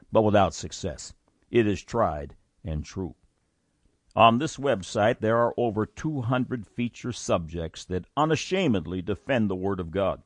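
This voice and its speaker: A man's voice: mid-range voice, no room sound. A man reading a scripted Bible teaching, earnest and emphatic, quoting scripture aloud. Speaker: Bible teaching show host.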